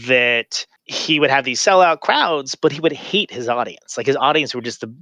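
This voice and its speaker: A man telling a long tour story in casual podcast chat, animated and swearing freely. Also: medium pitch, normal speed, no room sound.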